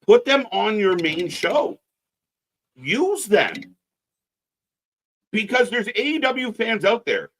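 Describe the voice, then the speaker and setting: A man's voice: sits high, very animated, slow pace, long pauses, a bit bright. Blunt, profane man ranting about wrestling. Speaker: wrestling stream co-host. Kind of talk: casual live commentary chat.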